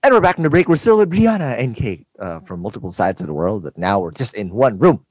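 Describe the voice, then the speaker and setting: A man's voice: on the low side, very animated, fast talker, a little mellow, slightly rough, no echo. A man from the Philippines hosting a casual podcast interview, asking long, rambling questions that repeat words and drift off on tangents. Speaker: podcast host.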